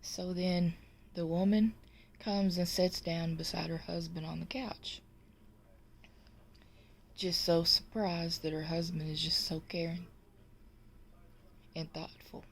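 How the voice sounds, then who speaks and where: Woman storyteller, low and unhurried, jokes to camera. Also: level tone, vocal fry, slight background noise. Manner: slow, drawn-out delivery. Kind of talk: telling a joke to camera.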